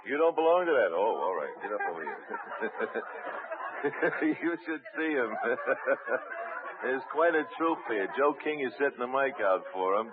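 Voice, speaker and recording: A jovial man hosts live radio, coaxing his guests along with frequent chuckles. His voice swings lively up and down. The sound is a thin, phone-like 1940s broadcast buried in heavy hiss. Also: medium pitch, normal speed, long pauses, a crowd in the background. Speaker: radio show host. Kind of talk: live radio variety chat.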